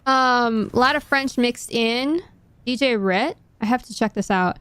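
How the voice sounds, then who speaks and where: A woman's voice: fairly high pitch, unhurried, fairly bright tone, clean tone, no echo. A woman streamer chatting casually while she plays a game, thinking aloud and mocking herself. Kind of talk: casual gaming stream chat.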